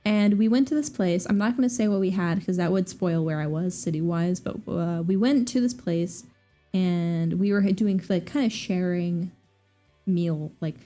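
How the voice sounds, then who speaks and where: A twenties woman with a Southern US accent chats casually on a livestream, talking fast and rambling in an animated way, full of fillers and restarts. Her voice is on the low side, with faint music in the background. She is a streamer.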